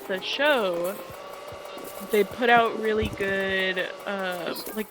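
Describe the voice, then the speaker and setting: Her medium-pitched voice competes with a noisy background and music under the talk. This young gaming vlogger chats casually while playing a video game, exasperated and ranting, frequently interrupting herself.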